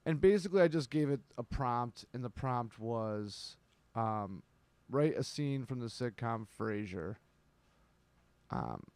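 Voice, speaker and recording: A man's voice: medium pitch, lively intonation, slow pace, a little mellow, no echo. A man hosting a comedic show, rambling and sardonic, swearing often. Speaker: host. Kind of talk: casual comedic chat.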